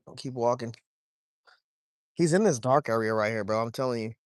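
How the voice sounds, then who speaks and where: A young man, talking to his chat while wading and fishing, swearing freely and getting excited over a fish. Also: mid-range voice, normal speed, dry recording, clean studio sound. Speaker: fishing vlogger. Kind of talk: casual vlog narration while wading. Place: outdoors, wading in a shallow creek.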